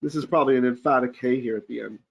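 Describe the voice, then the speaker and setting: A man, a rabbi, teaching a Torah portion in an informal online class. He chants Hebrew verses, translates them in casual, joking talk, and often clears his throat. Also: medium pitch, racing, lo-fi sound.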